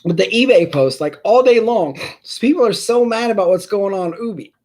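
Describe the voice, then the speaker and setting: A man's voice: sits high, lively intonation, brisk, a little mellow. A man hosting a casual live stream about sports cards, rambling and self-deprecating as he talks to viewers in the chat by name.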